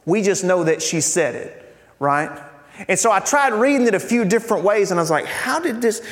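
A man's voice: high-pitched, animated, a little fast, big-room sound. A man preaching a sermon in a conversational way, restarting and repeating words and asking "right?".

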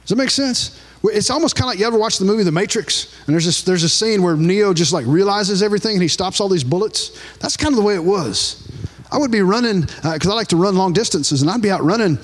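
A Louisiana man preaching a sermon in a high voice that leaps up and down. He tells stories in an animated way and circles back over his own phrases. His voice rings on in a reverberant church hall. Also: quick pace.

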